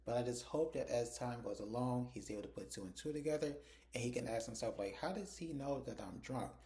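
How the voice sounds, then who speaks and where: Mellow-voiced man recapping a TV episode. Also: medium pitch, animated, fairly quick. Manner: retells scenes conversationally, acting out characters' lines. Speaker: TV episode reviewer. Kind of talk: casual spoken episode recap.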